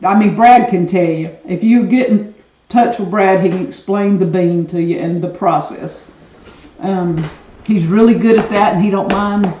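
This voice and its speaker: A woman's voice: medium pitch, normal speed, mellow, slight background noise. A woman with a Southern US accent co-hosting a homestead live stream, chatty, trailing off with fillers. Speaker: homestead channel co-host. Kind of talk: casual live-stream chat. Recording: distant, dull, echoey mic pickup.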